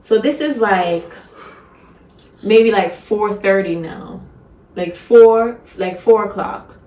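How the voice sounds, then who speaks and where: A woman's voice: mid-range voice, takes it slowly, darkish tone. A woman casually telling the story of her labor, chatty with lots of "like". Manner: chatty, lots of "like", laughs easily. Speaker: vlog co-host, new mother. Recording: echoey room, mic at a distance.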